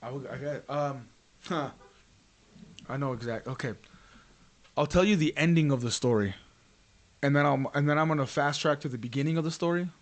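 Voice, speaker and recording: A man's voice: fairly high pitch, moderate pace, pauses often. A man hosting a podcast, telling a story in casual chat, full of swearing and fillers like "like" and "um.". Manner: profane, rambling with frequent fillers. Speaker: podcast host.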